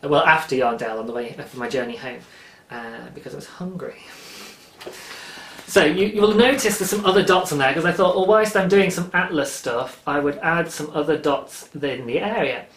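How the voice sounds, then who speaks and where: A man's voice: a little high, normal speed, fairly bright tone, roomy sound. A man from England hosting a podcast, chatting casually and rambling with lots of asides. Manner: rambling, chatty, self-interrupting. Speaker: podcast host. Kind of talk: casual chat.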